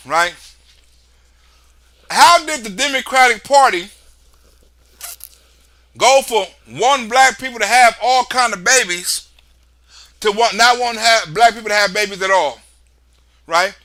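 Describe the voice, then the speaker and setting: Loud, high, bright-voiced male streamer. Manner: loud, excitable, profane, repeats "right?". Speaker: livestream host. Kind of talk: casual political commentary livestream.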